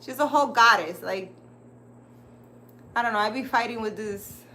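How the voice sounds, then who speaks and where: A woman's voice: fairly high pitch, moderate pace, pushed and bright, slight background noise. A woman hosting a casual livestream, rambling and chatty as she talks straight to her viewers. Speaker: livestream host.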